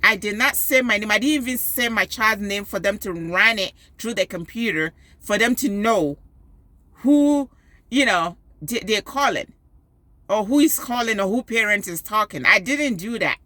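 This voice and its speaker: A woman and school parent telling a story with animated emphasis, giving advice in a personal video. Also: medium pitch, moderate pace, no echo. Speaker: parent and PTO volunteer.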